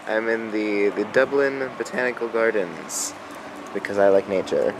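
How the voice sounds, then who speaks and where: A young man from the United States vlogs his travels with a low, gravelly voice, chatting casually, laughing often and wandering off topic into a handheld camera. Loud background noise fills the recording.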